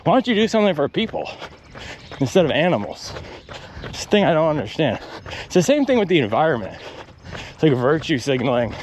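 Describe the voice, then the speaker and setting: A man's voice: on the high side, big pitch swings, fairly quick, pauses often, slight background noise. A man vlogging outdoors while out on a run, talking in wry, ranting asides between strides. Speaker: running vlogger. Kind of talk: casual vlog monologue while running.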